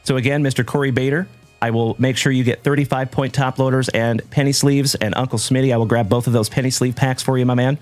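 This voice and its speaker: A man hosting a live trading-card stream, chatting warmly with viewers and giving shout-outs. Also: mid-range voice, fairly even intonation, fast, soft background music. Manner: hearty, shout-outs full of "my brother" and "my man". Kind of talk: upbeat livestream chat with viewers.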